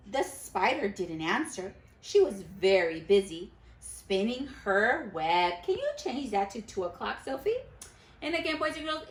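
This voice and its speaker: A woman's voice: a little high, echoey room. A woman teacher reading a picture book aloud to her class, stopping to quiz the children. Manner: animated storyteller who pauses to quiz children.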